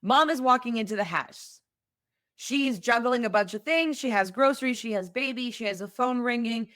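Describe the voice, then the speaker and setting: A woman's voice: a little high, moderate pace, fairly bright tone, dry recording, clean studio sound. A woman hosting a solo podcast, talking in a conversational, emphatic way and explaining with everyday examples. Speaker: podcast host.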